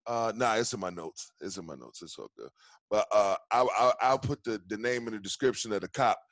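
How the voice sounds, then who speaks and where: A man's voice: on the low side, lively intonation, brisk, fairly bright tone, no room sound. A man hosting a casual podcast, ranting in a heated, profane way with many restarts. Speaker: podcast host.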